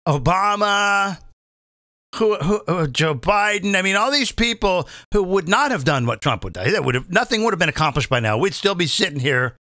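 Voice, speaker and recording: Comedian guy going off on a cussing rant, high bright voice, keeps going "okay? right?". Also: no room sound, studio quality. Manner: profane, combative ranting; keeps asking the audience for agreement. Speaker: comedian host.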